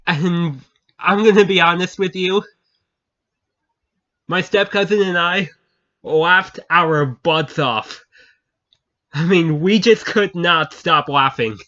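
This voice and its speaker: In a dull, lo-fi recording, a channel host tells his viewers a funny story in casual chat. His voice sits high with a sharp tone, and he takes it slowly, pausing often, repeatedly breaking into laughter and repeating himself.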